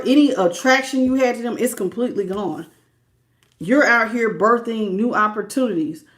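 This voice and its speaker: A woman giving a live tarot reading, animated and preachy, often repeating herself and laughing between greetings. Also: fairly high pitch. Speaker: tarot reader.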